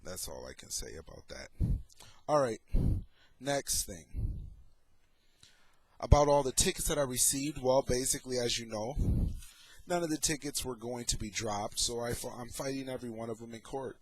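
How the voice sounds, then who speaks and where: A man's voice: medium pitch, animated, dry recording. A middle-aged man talking in a casual, sarcastic way as he comments on photos and his own troubles. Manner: sarcastic, slow and deliberate. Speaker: vlogger.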